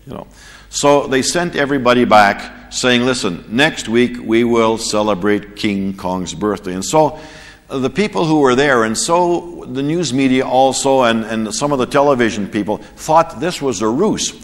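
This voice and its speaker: A man teaching a church class, telling a story in an animated sermon style and chuckling at his own jokes. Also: medium pitch, normal speed, big-room sound. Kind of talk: sermon with anecdote.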